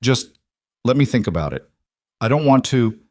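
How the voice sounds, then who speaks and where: An anxious, apologetic frontier schoolteacher, voiced by a man reading a story. Her questions come softly and earnestly. The sound is dry and close, with no room around it. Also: mid-range voice, sing-song, normal speed, no echo, close to an everyday voice. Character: grown woman, a frontier schoolteacher, worried and apologetic.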